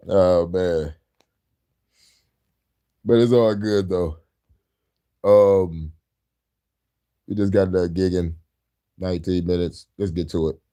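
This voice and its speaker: A man's voice: deep voice, takes it slowly, pauses often. A man hosting a casual show, telling profane stories with lots of laughter. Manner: laughing, animated, profane storytelling. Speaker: host. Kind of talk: casual chat over music.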